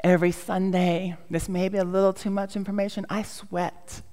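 A woman's voice: medium pitch, flat delivery, moderate pace, mellow, in a large hall. A middle-aged woman pastor giving a sermon in a storytelling way, with self-mocking humor.

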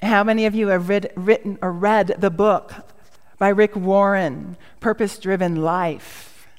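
A woman's voice: medium pitch, measured pace. Middle-aged lady pastor preaching, jokey storyteller, long church reverb. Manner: storytelling, self-mocking humor, acts out quoted voices. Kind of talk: sermon.

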